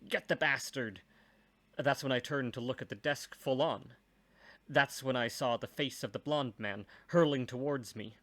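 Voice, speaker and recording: A man's voice: medium pitch, a bit bright. A man reading a first-person story aloud, with dry, wry asides.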